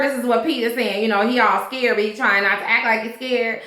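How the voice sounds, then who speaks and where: A woman's voice: fairly high pitch, moderate pace, few pauses, pushed and bright, reverberant. A woman giving a casual recap of a TV episode, chatty and slangy, often saying "you know what I'm saying". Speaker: TV show reviewer.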